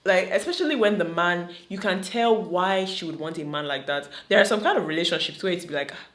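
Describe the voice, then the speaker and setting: A woman with a Nigerian accent giving animated, opinionated commentary on a reality show, slipping into Pidgin. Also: on the low side, a little fast. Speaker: vlogger reacting to a reality show. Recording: roomy echo.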